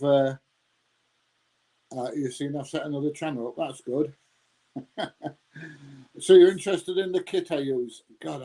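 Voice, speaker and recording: A man's voice: medium pitch, dark tone, rough recording. A man, rambling casually as he answers his viewers' live chat and calling them mate. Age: 60s. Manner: rambling, chatty, laughs often, says mate.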